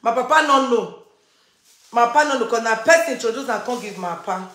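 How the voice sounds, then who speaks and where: A woman with a Nigerian Pidgin accent tells a family story in a slightly high, a bit bright, expressive voice at a quick pace. She repeats lines for emphasis as she retells it, and the room is echoey.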